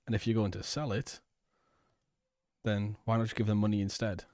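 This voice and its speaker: A man's voice: lowish voice, level tone, moderate pace, darkish tone, dry recording, clean studio sound. A man giving reaction commentary on clips, blunt and sarcastic, with frequent swearing.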